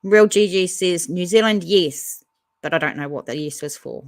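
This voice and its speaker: A woman's voice: on the low side, normal speed, no room sound, clean studio sound. A woman hosting a casual livestream, reading out viewer comments and chatting back to them. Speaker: livestream host reading chat.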